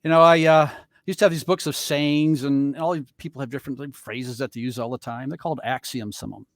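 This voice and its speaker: A man's voice: mid-range voice, steady tone, fast, dry recording, clean studio sound. A man moderating an online panel, introducing guests with playful teasing jokes over a video call. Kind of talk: joking webinar moderation.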